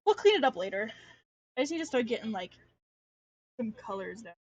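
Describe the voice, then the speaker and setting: Her voice is on the high side, with big pitch swings and a brisk pace, in a muffled recording with no echo. An artist streamer and young adult, she chats casually while drawing, rambling and ranting through plenty of filler and restarts.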